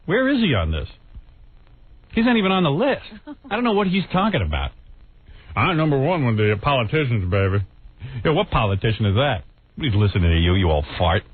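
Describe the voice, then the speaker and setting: A man's voice: medium pitch, sing-song, brisk, pauses often, husky, dry recording. A man hosting a radio show, talking in a casual, sarcastic, mocking way. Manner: sarcastic, mocking, laughs often. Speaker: radio host. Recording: tinny phone-like broadcast.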